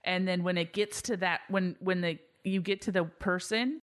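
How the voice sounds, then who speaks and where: Woman co-host, casual chat, animated, laughs through her stories. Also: lowish voice, moderate pace. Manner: animated storyteller, laughs a lot. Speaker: podcast co-host.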